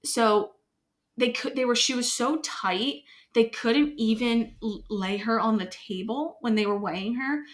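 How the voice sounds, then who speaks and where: A woman recounting her own experience in relaxed podcast conversation, full of "like" fillers and trailing restarts. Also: measured pace. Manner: acts out quoted dialogue in a higher voice. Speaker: bereaved mother sharing her story. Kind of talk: casual conversational storytelling.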